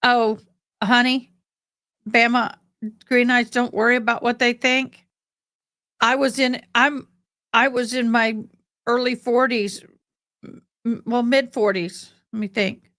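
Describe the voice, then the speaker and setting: A woman's voice: on the high side, fairly even intonation, slow pace, long pauses, a bit bright, no echo, clean studio sound. A middle-aged woman hosting a livestream, chatting casually with viewers and calling them honey and boo. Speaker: livestream host. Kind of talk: casual chat to live viewers.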